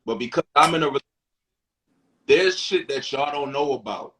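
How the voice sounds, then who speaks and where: A man's voice: mid-range voice, lively intonation, moderate pace, pushed and bright, low-quality recording. A man co-hosting a candid talk show, speaking bluntly and emphatically, swearing freely and reading out viewer questions. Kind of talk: candid casual chat.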